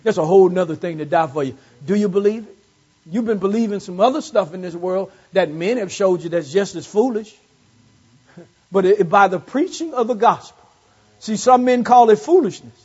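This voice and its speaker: A man preaches a sermon in a high, husky voice, swinging between hushed asides and fervent, rising calls. The recording is dull and muffled, like a church service taped on modest gear. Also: lively intonation, normal speed. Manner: call-and-response preaching, rising to fervent peaks; repeats phrases for emphasis.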